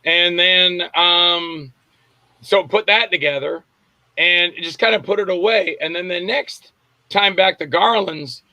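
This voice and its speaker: Taking it slowly, with a high-pitched, sharp voice and no echo, an older man from Florida guests on a casual interview. The actor and filmmaker spins rambling anecdotes, acting out the words of others as he goes.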